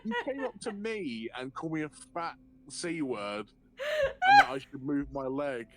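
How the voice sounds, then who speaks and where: A man streaming a game, telling a long anecdote in a profane, animated way and often laughing. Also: a little high, moderate pace, a little hiss or hum. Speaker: livestreamer. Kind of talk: casual storytelling while gaming.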